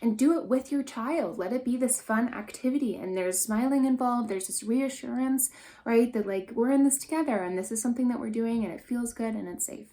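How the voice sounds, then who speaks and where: A woman's voice: fairly high pitch, fairly quick, dark tone. A young adult woman, a mother, teaching a parenting workshop on handling anger in an earnest, encouraging way, walking listeners through exercises as she does them. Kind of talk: instructional workshop talk.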